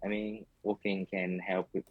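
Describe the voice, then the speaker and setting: A man's voice: low-pitched, flat delivery, measured pace, phone-quality sound. A man answering speaking test questions in a hesitant way, heard through a played-back recording of the test. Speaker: exam candidate.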